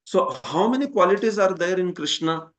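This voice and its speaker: A man's voice: sits high, animated, moderate pace. A man with an Indian accent, a Hindi speaker, teaching a scripture class, often asking his students "huh?" and laughing at his own jokes. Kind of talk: classroom lecture with questions.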